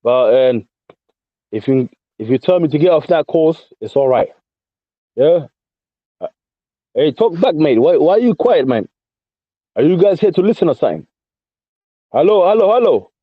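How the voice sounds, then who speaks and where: A man with a London accent rants into a voice chat and keeps circling back to the same points. His voice sits a little high, and he throws mate and bro into nearly every line. The sound is dry and dull, like a lo-fi chat line. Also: expressive, normal speed, long pauses, no echo. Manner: combative, repetitive, peppers speech with mate and bro. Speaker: caller in a voice chat. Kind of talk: ranting casual chat.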